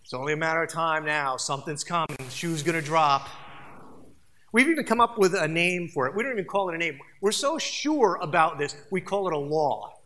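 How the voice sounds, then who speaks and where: A pastor preaching a sermon in an animated way, asking the congregation rhetorical questions. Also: mid-range voice, moderate pace.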